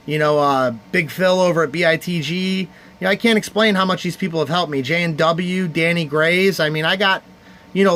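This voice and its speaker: Man hosting a casual stream auction, a touch high-voiced, earnest and rambling, with light background hum. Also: a bit bright. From Cleveland area, United States. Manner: heartfelt and rambling, thanking viewers by name. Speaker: livestream host running a charity card auction. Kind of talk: casual livestream chat.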